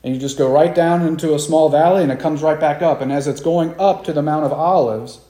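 A man's voice: on the high side, brisk, dark tone. Preaching man in an echoey room. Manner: acts out the quoted disciples with raised voices. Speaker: pastor. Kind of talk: sermon.

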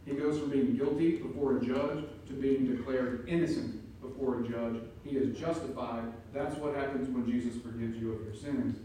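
A man preaching an emphatic sermon as pastor, building to loud peaks. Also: mid-range voice, steady tone, moderate pace, hardly any pauses, slight background noise. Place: church sanctuary. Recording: echoey room from far off.

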